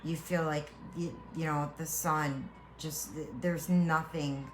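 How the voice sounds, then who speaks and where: A woman's voice: low-pitched, steady tone, slight background noise. A woman, a tarot reader, giving an earnest, heartfelt spiritual reading to viewers, reassuring them and often restarting her sentences. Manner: halting with repeated restarts.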